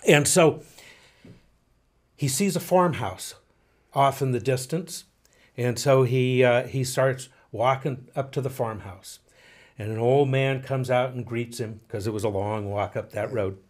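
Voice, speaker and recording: A man's voice: medium pitch, measured pace. A man co-hosting a podcast, telling a folksy story and reflecting on it in casual chat. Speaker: podcast co-host.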